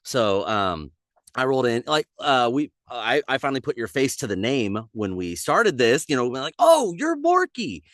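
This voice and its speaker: Man, voice actor, casual chat, lively, mid pitch, dry close mic. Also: normal speed, dry recording. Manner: animated, slips into character voices mid-story. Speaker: voice actor guest.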